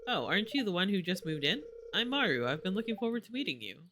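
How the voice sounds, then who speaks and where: A man reading aloud the lines of a friendly, curious young woman inventor from a game, brisk and eager. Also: sits high, sing-song, background noise.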